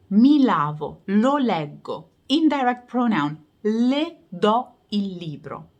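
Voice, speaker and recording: A woman with an Italian accent teaching a grammar lesson, explaining with emphasis and slowing down to spell out example phrases. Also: on the low side. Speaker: language teacher.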